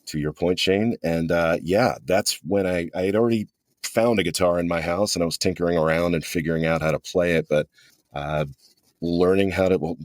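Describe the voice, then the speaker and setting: Band member, man in his 40s: rumbling low voice, dry close mic, thoughtful and rambling with lots of ums. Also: dry recording. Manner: reflective, meandering, many hesitant ums. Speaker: drummer and guitarist in a band. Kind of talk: casual interview chat.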